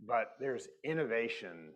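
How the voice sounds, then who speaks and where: A man on a conference panel talking about payments as an investor, telling animated stories with many "like" fillers. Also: mid-range voice, a little slow, low-quality recording. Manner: animated storytelling, acts out quoted exchanges, many "like" fillers. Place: conference stage.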